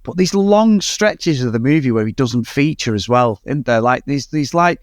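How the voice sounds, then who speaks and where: A man's voice: mid-range voice, expressive, normal speed, no echo, studio quality. A man co-hosting a casual film review podcast, ranting in exasperation about a bad movie and swearing freely. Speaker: podcast co-host.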